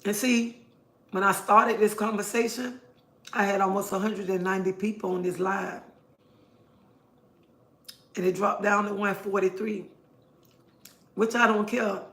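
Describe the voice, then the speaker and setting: This middle-aged livestream host has a slightly bright, mid-range voice with fairly even intonation, speaking unhurriedly with long pauses. The echoey recording captures her casual monologue, earnest and preachy as she drives points home through repetition.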